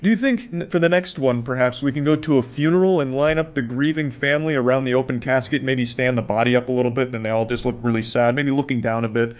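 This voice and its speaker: A man's voice: medium pitch, steady tone, fast, few pauses, dull audio. A man giving sarcastic, profane reaction commentary in a dry delivery. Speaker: commentary streamer.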